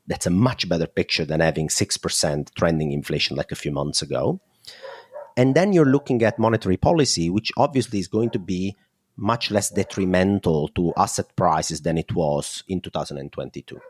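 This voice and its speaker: A man's voice: low-pitched, no room sound, studio quality. A man with an Italian accent, a guest analyst explaining markets in an interview, thinking aloud with fillers.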